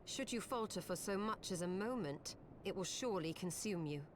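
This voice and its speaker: A woman's voice: mid-range voice, animated, moderate pace, a little hiss or hum, close to an everyday voice. An actress playing an earnest, courtly noblewoman in a game cutscene, speaking in formal, old-fashioned phrases.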